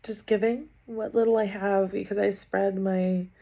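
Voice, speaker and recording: Tired, gravelly-voiced woman vlogger. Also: mid-range voice, little pitch movement, dark tone. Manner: rambling, halting, self-deprecating. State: tired and muttering. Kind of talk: unedited one-take vlog update.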